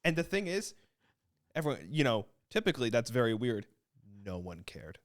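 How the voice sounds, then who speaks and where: A man's voice: medium pitch, big pitch swings, moderate pace. A young man co-hosting a comedy podcast, chiming in with short dry quips in a casual chat. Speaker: podcast co-host.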